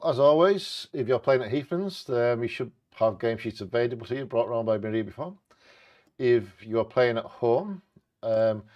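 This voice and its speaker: A man with a fairly low voice co-hosts a live bingo show. He reads bird facts aloud and drops quick, jokey asides in a relaxed, casual way. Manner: jokey, quick asides between read passages. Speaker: co-host of a live bingo stream.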